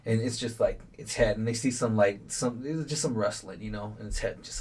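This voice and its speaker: A man's voice: on the low side, brisk, a little mellow, slightly rough. A young man, a podcast guest, telling a story in a laid-back, slangy way with a lot of swearing. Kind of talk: casual storytelling chat.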